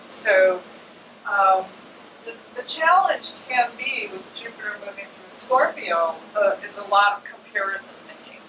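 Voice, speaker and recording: A woman astrologer in an informal talk to a live audience, chatty and animated, often slipping into little acted-out voices. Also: mid-range voice, unhurried. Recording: echoey room, distant mic, air conditioning hum.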